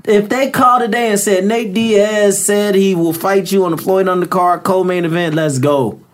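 A man's voice: high-pitched, steady tone, moderate pace, slight background noise. A man who is a boxer and a guest, talking in an outspoken, confident way with repeated fillers. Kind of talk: casual interview chat.

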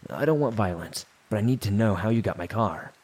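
A man voicing a dazed, drugged-out woman who flatly insists a stranger's car is hers. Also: on the low side, fairly quick, slightly rough. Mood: pleading.

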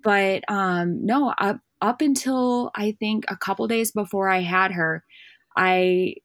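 A young woman talking on a podcast in an easy, casual way, slipping into little voices as she acts out what people said. Her pitch sits in the middle, and the sound is dry and close, with no room around it. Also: slow pace, no echo. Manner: lively storyteller acting out quoted dialogue. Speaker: podcast guest, bird dog handler and hunting guide. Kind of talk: casual chat.

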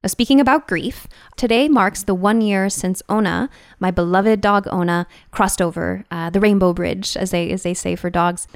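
A woman's voice: moderate pace, smooth, dry recording, studio quality. A woman hosting a solo recovery podcast, earnest and encouraging, acting out inner voices now and then. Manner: earnest and encouraging, acts out inner voices with big pitch jumps. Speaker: podcast host and recovery coach. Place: room with a whiteboard.

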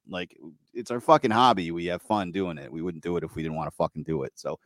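A middle-aged man with a fairly low voice talks casually as a podcast co-host. He gets heated, swears a lot and laughs between his points. The sound is dry and close. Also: fast talker, no echo. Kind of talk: casual chat.

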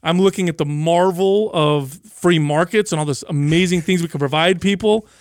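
A man with a notably high voice tells stories animatedly in casual podcast chat. He swears freely. The sound is dry and close. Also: normal speed, no echo.

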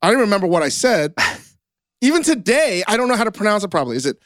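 A man's voice: high voice, big pitch swings, fast talker, a bit bright, dry recording, studio quality. A man whose first language was Korean, hosting a podcast, talking in a sheepish, self-deprecating casual way. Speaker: podcast host. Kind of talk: casual chat.

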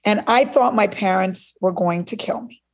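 Here a Cuban woman at medium pitch and normal speed recounts a story while visiting as a conversation guest. She brings it to life by imitating the voices of those she quotes.

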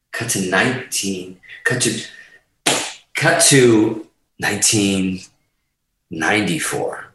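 A man in his fifties, a guitarist guest on a podcast, telling stories in a profane, animated way and laughing through them. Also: lowish voice. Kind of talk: storytelling in casual chat. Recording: very echoey room, far from mic.

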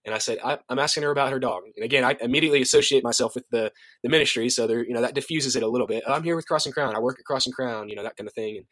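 Fast-talking man telling a story. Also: medium pitch, no echo. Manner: animated storyteller, acts out quoted voices, frequent restarts. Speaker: youth director at a ministry. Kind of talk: casual storytelling in an interview.

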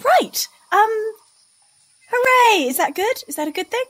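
A woman's voice: very high voice, sing-song, a little slow, fairly bright tone. A woman playing her character in a tabletop game, hesitant and bemused with many ums. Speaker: player.

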